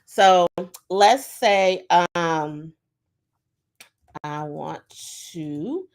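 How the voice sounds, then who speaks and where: Brief: woman on a video call, fairly low voice, casual teaching tone, loose and chatty with fillers. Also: unhurried. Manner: conversational, many fillers, acts out sample prompts. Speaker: workshop presenter.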